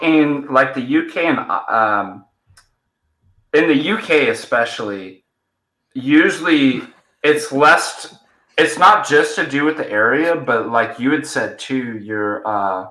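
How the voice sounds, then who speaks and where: A man's voice: mid-range voice, expressive, slow pace, sharp tone, echoey room, poor audio. A man hosting a podcast, chatting casually with a guest and often restarting his sentences. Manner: chatty, trailing restarts and fillers. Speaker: podcast host. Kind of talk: casual chat.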